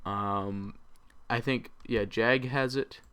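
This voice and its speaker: A man's voice: medium pitch, fairly even intonation, takes it slowly, fairly bright tone, clean tone. A man hosting a let's play, chatting casually over his gameplay and rambling with many ums and uhs.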